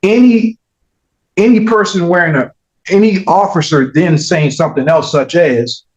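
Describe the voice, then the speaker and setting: A man arguing as defense attorney in a courtroom, pressing his points insistently and climbing in pitch as he pushes. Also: normal speed. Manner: argumentative, rising in pitch when pressing a point. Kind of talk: courtroom legal argument. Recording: echoey courtroom, dull audio.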